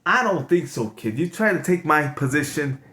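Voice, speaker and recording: A man voicing a gruff alpha wolf boss who brushes off a challenger in a brusque, scoffing way. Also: on the high side, lively intonation, normal speed, pitched below the performer's own voice, close to an everyday voice. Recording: echoey room with background noise.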